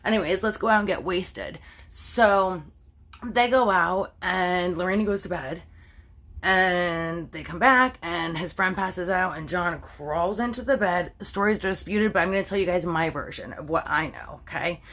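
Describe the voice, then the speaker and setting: A woman's voice: lowish voice, measured pace. Chatty Canadian woman telling a story. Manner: chatty, animated, heavy use of "like", self-censoring swears. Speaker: true crime storyteller. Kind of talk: casual storytelling to camera.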